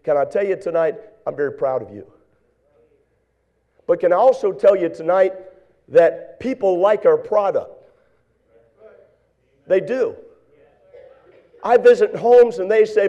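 A pastor preaching a sermon in church, swinging from hushed, quiet lines to shouted, fervent exhortation. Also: male voice, high voice, a little slow, pauses often.

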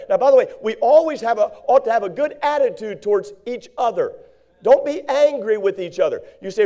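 A man's voice: high voice, expressive, a little fast, warm tone. A male preacher delivering a sermon, reading old-style Bible verses and acting out quoted people. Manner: preachy, acts out quoted voices, reads King James verses.

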